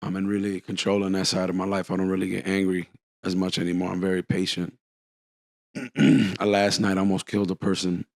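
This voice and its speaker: A man's voice: sits low, completely flat delivery, a little fast, no room sound. A man telling a long story on a casual podcast, acting out the quotes.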